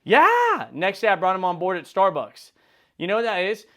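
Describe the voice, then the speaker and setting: A man's voice: high-pitched, fairly quick, a bit bright. Slangy, upbeat motivational man. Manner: casual, slangy, acts out quoted dialogue. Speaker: insurance business leader and video host. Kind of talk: motivational talk to camera.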